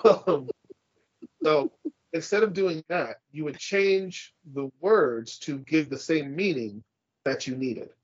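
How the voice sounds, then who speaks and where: Man, podcast co-host, husky, profane ranting, dry dull lo-fi recording. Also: on the high side, slow, dry recording. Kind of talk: casual podcast chat.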